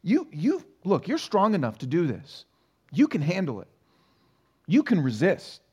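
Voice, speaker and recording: A man voicing a sly male tempter spirit who speaks in soft, wheedling questions. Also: high-pitched, wildly swooping pitch, measured pace, breathy edge, heavily acted. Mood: flattering.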